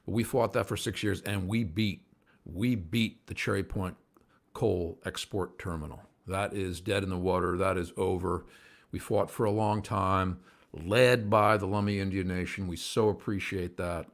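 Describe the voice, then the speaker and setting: A man's voice: low voice, fairly even intonation, moderate pace. A man hosting a casual livestream show, talking to viewers at home in an earnest, rambling way that sometimes gets worked up. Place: at home by a window, indoors.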